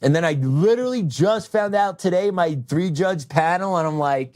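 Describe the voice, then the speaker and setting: A man's voice: sits high, animated, moderate pace, hardly any pauses, a little mellow. A middle-aged man hosting a show, delivering a heated political commentary monologue with asides and short laughs. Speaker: show host.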